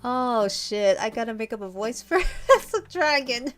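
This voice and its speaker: A woman reacting as she plays a visual novel, loose and casual, swearing freely. Her voice swings widely up and down, and soft game music runs quietly underneath. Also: on the high side, expressive, a little slow. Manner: swears freely, laughs at herself. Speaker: let's play streamer. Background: faint game music.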